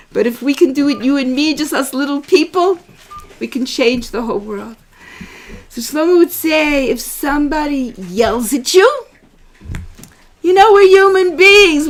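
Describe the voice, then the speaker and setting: A middle-aged woman, a rebbetzin, giving a heartfelt religious class to a small room, emotional and fond of repeating her phrases. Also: sits high. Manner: emotional, repeats phrases, warmly greets arrivals.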